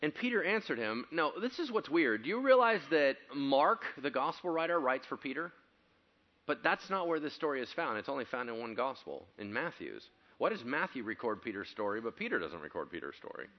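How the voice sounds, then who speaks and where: A male pastor preaching a sermon, telling stories animatedly, acting out quotes and building to loud excited passages. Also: mid-range voice, fairly quick, dull audio.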